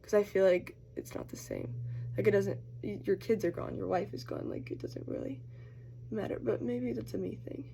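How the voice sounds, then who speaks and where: A woman's voice: mid-range voice, normal speed, gravelly, warm tone, a little hiss or hum. A young woman vlogging casually as she gets ready, chatty, saying "like" a lot. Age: young adult. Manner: chatty, uses "like" constantly, acts out quoted voices. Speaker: college student vlogger. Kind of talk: casual get-ready-with-me chat.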